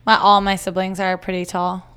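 A woman's voice: medium pitch, little pitch movement, normal speed, a bit bright, clean tone. A woman guest on a podcast in casual chat, talking chattily with many fillers. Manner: chatty, filler-heavy, lots of "like".

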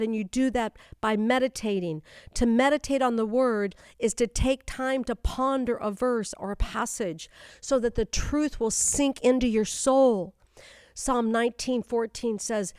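A woman with a somewhat high voice teaches scripture as a spiritual coach, speaking straight to her listeners. She drives her points home by repeating key phrases. The sound is dry, with no room around it. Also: normal speed, darkish tone, smooth, no echo. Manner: addresses listeners directly, urging them to stay with her. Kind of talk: Bible teaching for a YouTube channel and podcast.

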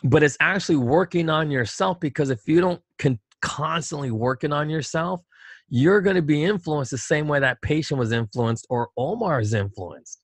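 A man's voice: a little high, moderate pace, no room sound. A middle-aged man co-hosting a casual political talk show, talking emphatically with rhetorical questions and repeats.

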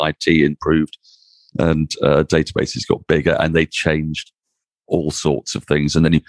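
A man, a cricket commentator, telling anecdotes as a podcast guest in an animated, self-mocking way. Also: a bass voice, dry recording, studio quality. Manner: animated, self-mocking raconteur with frequent restarts. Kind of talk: anecdotal interview storytelling.

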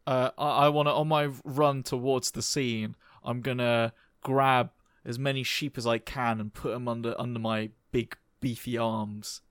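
A tabletop player, given to excitable outbursts. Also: medium pitch, unhurried, few pauses, clear, resonant tone. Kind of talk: casual game chat.

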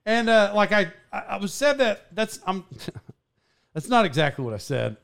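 High-pitched guy rambling thru a podcast story, laughs a lot, keeps restarting. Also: very animated, normal speed, vocal fry, a bit bright, clean tone. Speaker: podcast host. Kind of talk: casual storytelling chat.

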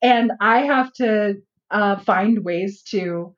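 A woman's voice: medium pitch, slow pace. Woman guest in a podcast interview, earnest and reflective, slightly dull recording. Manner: earnest, reflective, searching for words. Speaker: outreach worker and guest. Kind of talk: conversational interview.

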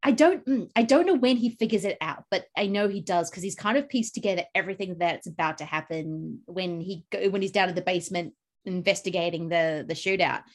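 A woman with a fairly low-pitched voice talks through a film in casual discussion. She rambles eagerly and leans on plenty of ums and restarts. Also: a little fast. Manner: enthusiastic, rambling with many fillers.

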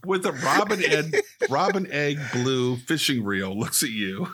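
A man's voice: fairly high pitch, unhurried, husky. An older man, a podcast co-host and teacher, telling stories in casual chat. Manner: storytelling, animated. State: short on sleep.

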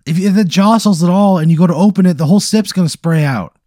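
Deadpan exasperated man, mellow dark voice, dry close sound, casual comedy banter. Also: high voice, fast talker, no room sound. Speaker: podcast co-host.

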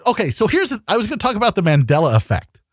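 A man's voice: sits high, racing, breathy edge, no echo, studio quality. A man co-hosting a podcast in casual chat, ranting and swearing with lots of energy. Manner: animated, profane, ranting. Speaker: podcast co-host.

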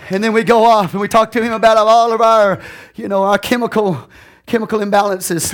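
A man preaching from the pulpit with a somewhat high voice. He drops to a hush for confessions, then climbs into shouted lines, laughing now and then as he talks to his church. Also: fast talker. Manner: laughs often, talks to the congregation. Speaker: pastor. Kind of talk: sermon.

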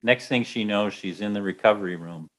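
Guy telling a story, lowish voice, gets into the characters. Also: fairly quick, slight background noise. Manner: lively, acts out the voices. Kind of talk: telling an anecdote.

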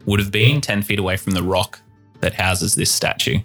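Deep flat-voiced game master. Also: male voice, moderate pace, over music. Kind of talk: narrating a tabletop game.

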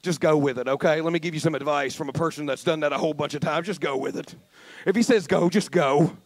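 High-voiced preacher, dry sound. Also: male voice, fast talker, dry recording. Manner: repetitive, rhythmic preaching cadence; earnest, emphatic storytelling. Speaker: pastor. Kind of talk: sermon.

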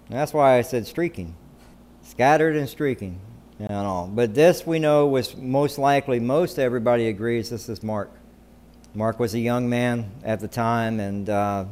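A man's voice: medium pitch, a little mellow. A middle-aged man preaching a sermon in a conversational way, often checking in with "right?" and restarting his sentences. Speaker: pastor.

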